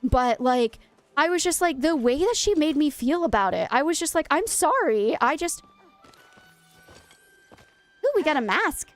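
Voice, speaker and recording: A young woman chats while she plays, spinning a long, self-mocking story with plenty of asides. Her voice sits high and sounds dry and close. Soft music plays underneath. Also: lively intonation, brisk, no room sound. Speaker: streamer. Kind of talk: casual chat while gaming.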